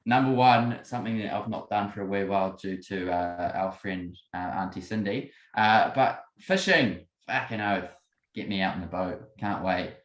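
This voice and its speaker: Young kiwi bloke, lowish voice, cheeky laughing chat, echoey room. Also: male voice, normal speed, fairly bright tone. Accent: New Zealand. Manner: laughing, cheeky, self-deprecating. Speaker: podcast co-host. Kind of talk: casual chat.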